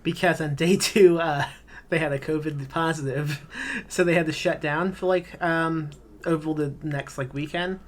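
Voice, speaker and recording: Rambling, profane screenwriter guest. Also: male voice, on the high side, fairly even intonation, unhurried. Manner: rambling, heavy on filler words, swears casually. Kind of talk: casual podcast interview.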